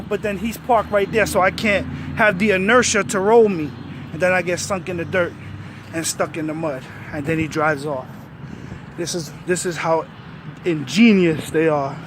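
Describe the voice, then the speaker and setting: A man, a truck driver, angrily ranting in a vlog outdoors by his truck, cursing often and breaking into shouts. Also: high-pitched. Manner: profane, agitated, rising to shouts. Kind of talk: angry vlog rant. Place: outdoors by a truck at a loading yard. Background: faint vehicle and outdoor noise.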